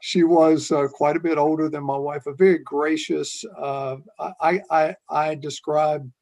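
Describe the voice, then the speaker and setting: An older man, a retired police chief, telling a story in an earnest, unhurried way as an interview guest. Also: fairly high pitch, little pitch movement, creaky, a little mellow.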